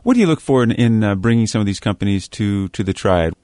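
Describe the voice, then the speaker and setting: A man's voice: on the low side, animated, fast, mellow, dry recording, studio quality. A man hosting a casual interview, giving upbeat short prompts and announcing show dates. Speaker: host.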